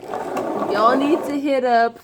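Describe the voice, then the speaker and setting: A young woman in a casual unboxing vlog, talking in an excitable, emotional and slangy way, gushing with gratitude. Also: sits high, takes it slowly, noisy background. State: throat dry. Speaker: vlogger unboxing gifts.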